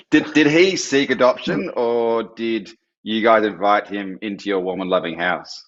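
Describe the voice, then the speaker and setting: A man's voice: on the low side, takes it slowly, fairly bright tone, lo-fi sound. A man hosting a live stream, chatty, reading out viewer questions.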